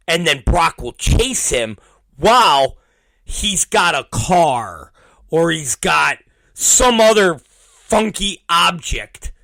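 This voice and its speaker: A man in his fifties hosting a podcast, telling rambling, profane stories in a casual, animated way. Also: on the high side, no echo. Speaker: podcast host. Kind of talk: casual storytelling monologue.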